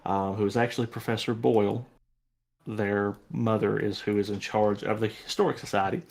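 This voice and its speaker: Gravelly game master man. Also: lowish voice, normal speed, slight background noise. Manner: relaxed storytelling with frequent restarts. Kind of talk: narrating a tabletop game.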